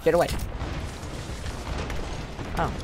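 A young adult doing casual gameplay commentary, excitable, yelping and joking about themselves. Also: slow. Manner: excitable, yelps and self-mocking banter. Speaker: gaming channel host. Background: game music and gunfire.

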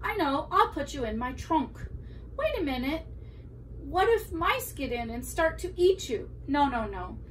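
A woman's voice: high voice, sing-song, a little slow, a bit bright, full character voice. A woman voicing an elderly man who scolds his old hat and fusses to himself, recorded from a distance with faint room noise. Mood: fussing.

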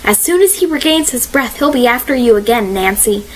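A woman voicing a worried, cautious young female friend who speaks in hushed tones. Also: a little high, lively intonation, brisk, slight background noise, lightly acted, low-quality recording.

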